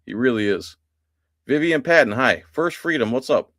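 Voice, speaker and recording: Male streamer at mid pitch, relaxed and chatty, answering his chat live; dry, close sound. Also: moderate pace, dry recording. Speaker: livestream host. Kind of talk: casual livestream chat.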